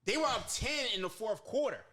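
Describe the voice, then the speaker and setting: Excitable man recounting bets. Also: very high-pitched, fairly quick. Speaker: podcast guest, sports bettor. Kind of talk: casual chat.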